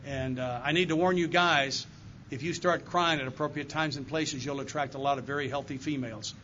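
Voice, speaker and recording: Heartfelt and earnest, an older AA circuit speaker gives his recovery testimony straight to a meeting audience in a meeting room. His mid-range voice is steady and fairly bright, with a brisk delivery. The dull lo-fi live recording has slight background noise.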